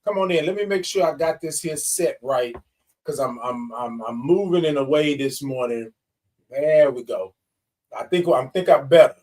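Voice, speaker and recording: Hosting a morning livestream, a man greets viewers in a lively way, calling them y'all and baby and singing out long good mornings. His voice is on the high side and warm, at normal speed, picked up by a distant mic.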